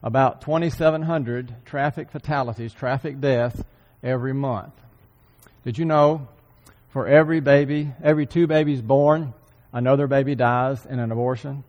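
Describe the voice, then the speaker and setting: A man delivers an earnest sermon at a mid-range pitch. He repeats key phrases for emphasis and keeps clearing his throat. His voice carries a long hall reverb, as in a church sanctuary. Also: fairly even intonation, normal speed, muffled recording. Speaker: church speaker.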